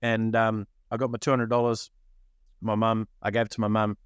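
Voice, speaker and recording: Guy from new zealand telling stories on a podcast, lively, acts out the voices, smooth tone. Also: on the low side, normal speed, dry recording. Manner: animated, acts out quoted voices. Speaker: podcast co-host. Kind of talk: casual storytelling.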